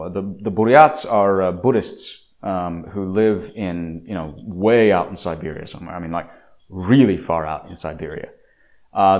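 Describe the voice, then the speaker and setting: A man talks through a long commentary monologue in a lowish voice. He is opinionated and emphatic, often restarting phrases and filling pauses with "uh" and "um" as he builds his case. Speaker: political commentator.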